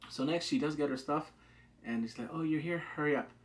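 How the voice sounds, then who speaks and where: Man, fairly high voice, excitable, casual drama recap, acts out character lines. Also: fairly quick. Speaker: TV drama reviewer.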